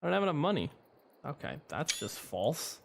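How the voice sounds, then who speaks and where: A man's voice: a little high, big pitch swings, moderate pace, vocal fry, slight background noise. A young man streaming a game, chatting casually with viewers in a rambling, chuckling way, and sleepy at times. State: sleepy, yawning. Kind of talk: casual livestream commentary.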